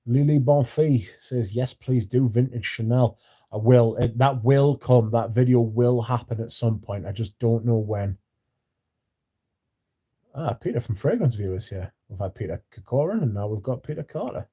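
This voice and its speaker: Brief: mellow-toned man hosting a livestream, chatty and sweary, reads chat aloud. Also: medium pitch, normal speed, slightly rough. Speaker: livestream host.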